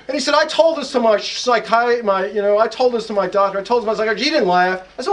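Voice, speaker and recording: A middle-aged American man, an author and psychologist, telling animated stories to a live audience in a bookstore and acting out the voices of the people in them. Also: sits high, normal speed, rough recording. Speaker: author and psychologist giving a talk. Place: bookstore event room.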